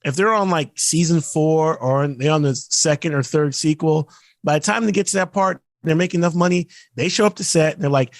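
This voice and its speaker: A man co-hosting a podcast, ranting in casual chat and mimicking actors in quick asides. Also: a little high, dry recording, clean studio sound. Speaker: podcast co-host.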